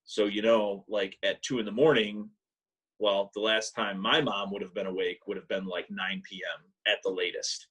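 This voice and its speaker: A man co-hosting a casual podcast over a call, telling animated stories and mimicking people in a high voice. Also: normal speed, slightly rough, low-quality recording. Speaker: podcast co-host. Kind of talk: casual chat, storytelling. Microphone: remote call mic.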